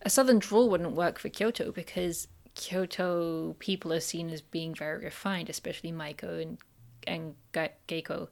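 A woman co-hosting a casual chat, her voice lowish with a gravelly fry. She talks eagerly and thinks aloud as she goes. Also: fairly even intonation, moderate pace, darkish tone. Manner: chatty and enthusiastic. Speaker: podcast co-host. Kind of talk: casual discussion.

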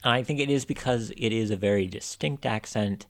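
Gravelly deep-voiced man in casual chat. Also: moderate pace. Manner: chatty, wry and opinionated. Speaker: podcast co-host. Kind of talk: casual discussion.

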